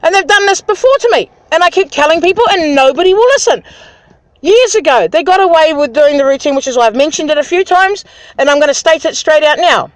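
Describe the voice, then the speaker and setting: A woman's voice: high voice, expressive, fairly quick, no echo, poor audio. A woman venting to camera in an angry, aggrieved personal rant, swearing freely. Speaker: vlogger.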